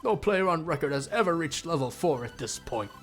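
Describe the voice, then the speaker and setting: A man's voice: a little high, lively intonation, brisk, soft background music, close to an everyday voice. A man doing a pompous self-appointed moderator. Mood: lecturing. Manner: self-righteous, lecturing. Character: pompous young male gamer posing as moderator. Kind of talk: game dialogue read aloud.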